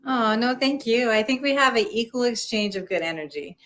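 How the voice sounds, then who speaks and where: High-voiced giggly woman guest. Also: lively intonation, a little fast. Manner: giggly, warm-hearted, supportive. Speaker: guest, credit specialist. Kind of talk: casual chat.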